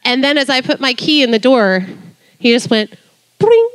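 A woman in her forties, a worship leader, telling a lively story in a sermon, her voice jumping high when excited. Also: moderate pace, smooth. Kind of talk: sermon testimony.

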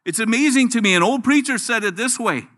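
A middle-aged male pastor delivering a sermon in a fairly high voice. His pitch leaps up and down as he preaches, sinking low and quiet for quoted lines. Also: lively intonation, brisk.

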